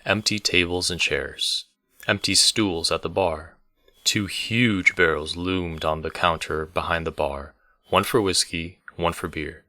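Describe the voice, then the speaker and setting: Deep bright voice, man reading a book aloud steadily, dry sound. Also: steady tone, unhurried, no room sound. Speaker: book reader. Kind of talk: audiobook narration.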